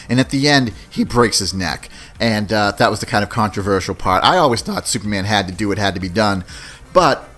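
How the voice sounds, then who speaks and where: Slightly bright but on the low side, this man's voice carries a casual, solo podcast where he counts down movies. He's in his forties and keeps tossing in "you know what I mean" as he talks loosely.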